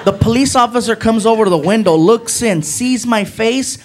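A male stand-up comedian telling an animated story and acting out voices, in a noisy live recording. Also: extremely high pitch, normal speed. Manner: animated, acts out voices, loud bursts.

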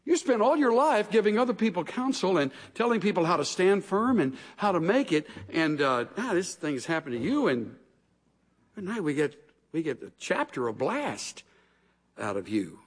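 Middle-aged male pastor, conversational sermon, animated and a touch high, husky, in a reverberant hall. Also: moderate pace. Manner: animated storyteller, acts out quotes with asides. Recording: long reverb of a large hall.

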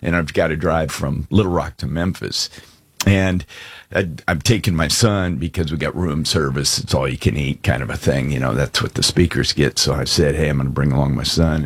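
A man's voice: very deep voice, normal speed, breathy edge, no echo. A middle-aged man hosting a faith radio show, telling stories with laughs and reading scripture with emphasis. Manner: animated storyteller, laughs often, does voices in quotes. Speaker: radio show host and speaker. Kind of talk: storytelling and devotional radio talk.

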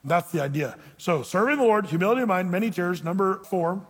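A man preaching a sermon as a pastor, animated and acting out quoted voices. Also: high-pitched, a little fast, breathy edge, in a large hall.

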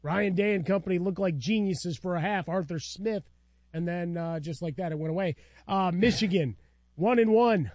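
A man's voice: sits high, normal speed, darkish tone, no echo. A man co-hosting a sports radio talk show, wry in his commentary.

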